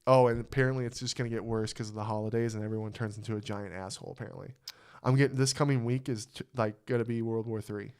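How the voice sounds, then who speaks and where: A podcast host telling a rambling, profane work story in casual chat. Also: male voice, mid-range voice, steady tone, fast talker, darkish tone, smooth.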